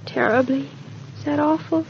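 An actress in 1940s radio acting, playing an earnest, affectionate young newlywed wife with a breathless, wide-eyed manner. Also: female voice, high voice, steady tone, normal speed, creaky, a little hiss or hum. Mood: tender. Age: young adult. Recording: dull old radio transcription.

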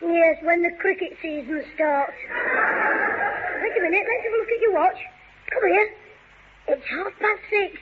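A woman's voice: very high-pitched, unhurried, pauses often, slight background noise. A woman playing a wisecracking, bossy young lad. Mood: cheeky. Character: cheeky, quick-witted young London lad, Jim. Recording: dull old radio recording.

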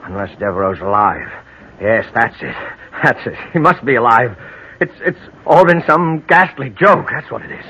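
An actor playing a guilt-ridden, fevered husband and murderer, jittery and melodramatic in 1940s radio style. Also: male voice, mid-range voice, animated, moderate pace, sharp tone, breathy edge, exaggerated voice. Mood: frantic, defiant. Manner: jittery, melodramatic, swinging between fear and rage. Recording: dull lo-fi old radio recording with hiss.

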